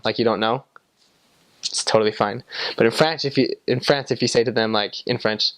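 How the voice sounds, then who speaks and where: A man's voice: fairly low pitch, steady tone, quick pace, dry recording. A young man from the United States, a former missionary, answering interview questions in a chatty way with lots of fillers.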